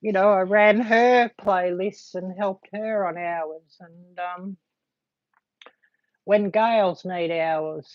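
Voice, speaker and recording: A woman hosting a casual livestream, chatting to viewers in a halting way full of ums. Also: mid-range voice, steady tone, dry recording. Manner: halting, filled with frequent ums. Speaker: livestream host. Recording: dull lo-fi dry sound.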